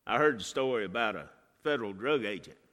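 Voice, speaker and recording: Male preacher, folksy sermon voice, animated pitch, echoing hall. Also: fast. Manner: folksy storytelling, swings from hushed to shouting. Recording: reverberant hall.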